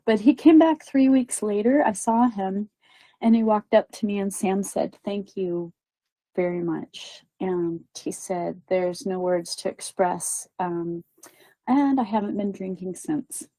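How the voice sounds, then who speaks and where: A woman tells a story at an easy, rambling pace, full of "um"s and little acted-out quotes. Her voice is dark and mellow. The recording is dry and close, with no room sound. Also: medium pitch, measured pace, no echo, rough recording. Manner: chatty, many fillers and quoted voices. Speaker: medium telling a story. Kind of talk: casual storytelling.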